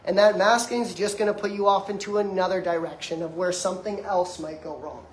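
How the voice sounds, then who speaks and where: Talking fairly quickly in a high-pitched, steady voice, a twentysomething man delivers a motivational lecture on detox to the people in front of him. The tone is emphatic and conversational, and the room is echoey.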